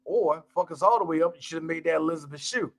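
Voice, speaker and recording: A man co-hosting a casual movie podcast, animated, joking and full of slang. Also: fairly high pitch, quick pace. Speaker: podcast co-host. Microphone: live stream mic.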